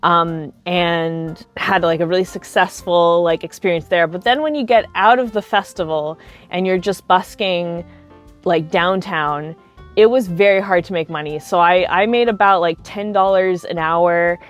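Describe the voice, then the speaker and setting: A woman's voice: lowish voice, moderate pace, soft background music. A young adult woman telling casual stories to camera as a cosplay video creator. She talks in a chatty way, full of likes and you-knows.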